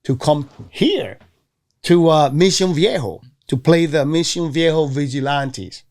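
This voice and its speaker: A man from Venezuela, a former baseball player, telling stories in a casual interview, animated and acting out the voices of others. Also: a little slow. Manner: animated, acts out quoted voices with jumps in pitch. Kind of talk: casual storytelling.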